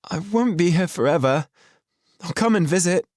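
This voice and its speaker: A man doing a pleading high young girl. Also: animated, moderate pace, darkish tone, no room sound, studio quality. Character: young girl, eager and tearful.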